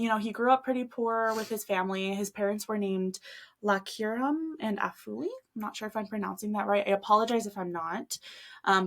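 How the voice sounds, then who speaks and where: Easygoing young woman telling a story. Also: medium pitch. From United States. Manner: easygoing, laughs often, friendly agreeing. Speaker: podcast co-host, storyteller. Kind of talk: casual storytelling chat.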